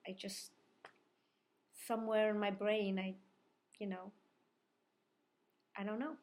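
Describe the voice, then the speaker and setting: A woman's voice: medium pitch, level tone, slow pace, darkish tone. A middle-aged woman telling a rambling, self-reflective personal story in a casual vlog, often repeating herself. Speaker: vlogger.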